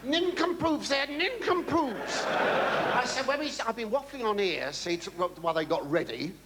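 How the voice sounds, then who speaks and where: British male comic, camp and rambling, bouncy slightly high voice, noisy live ship recording. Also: big pitch swings, fairly quick. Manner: camp, rambling and theatrical, with cheeky asides to the audience. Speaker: comedian entertaining navy crew. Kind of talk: stand-up monologue. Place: aboard a navy ship, before a live audience.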